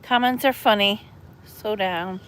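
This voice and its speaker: A woman's voice: mid-range voice, measured pace, a bit bright, clear, resonant tone. A middle-aged woman chatting on a casual livestream, answering chat in a chatty, mothering and blunt way, with some cursing. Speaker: livestream host reading chat.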